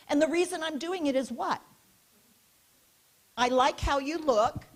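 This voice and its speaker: High-pitched woman giving a keynote, bossy-fun, keeps telling the crowd do this, quizzes them. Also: measured pace. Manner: animated, directive, asks the audience questions and leads hand gestures. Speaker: keynote speaker. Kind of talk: interactive conference lecture. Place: conference hall stage.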